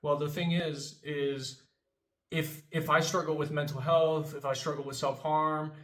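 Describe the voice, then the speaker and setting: His voice is on the high side, flat and a little slow, captured in a roomy, rough recording. This recovery video host, himself recovering from addiction, talks casually to camera about anger, often asking "right?" and swearing occasionally.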